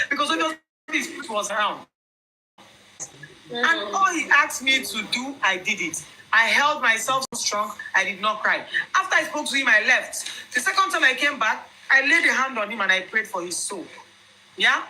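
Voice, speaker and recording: A young Nigerian woman with a Nigerian accent telling viewers her own story in an emphatic, animated way. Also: fairly high pitch, moderate pace, slight background noise, low-quality recording. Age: young adult.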